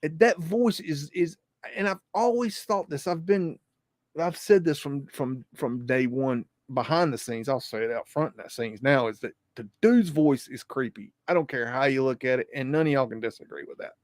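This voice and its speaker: A man hosting a livestream, talking in an excitable, profane, rambling way. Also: medium pitch, moderate pace, dry recording, studio quality. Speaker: livestream host. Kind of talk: casual livestream commentary.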